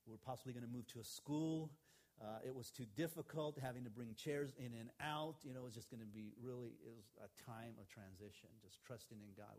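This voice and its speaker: A man's voice: mid-range voice, darkish tone. A middle-aged man, a pastor, preaching a sermon in a conversational storytelling way, retelling a conversation with quoted lines.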